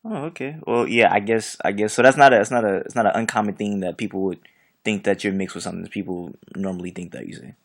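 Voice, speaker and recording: A man's voice: on the low side, quick pace, gravelly. A man from Florida hosting a casual interview, eager and chatty, asking long rambling questions. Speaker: host.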